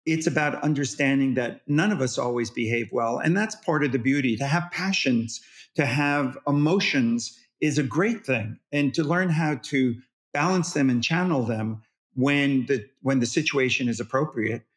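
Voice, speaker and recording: A man as a parenting expert guest in an interview, explaining in an animated, demonstrative way and acting out how parents talk to toddlers. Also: mid-range voice, normal speed.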